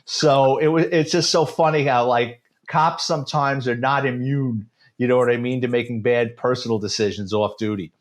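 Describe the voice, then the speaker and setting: A man's voice: medium pitch, normal speed, few pauses. A man in his fifties with a New York accent, a retired police detective telling stories in a casual interview with a sarcastic edge. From United States. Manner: sarcastic, animated storyteller.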